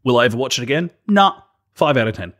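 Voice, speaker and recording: A man's voice: medium pitch, lively intonation, fast talker, a bit bright. Wry, laughing male podcast co-host. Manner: wry, laughing, with sarcastic asides. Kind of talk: casual film review chat.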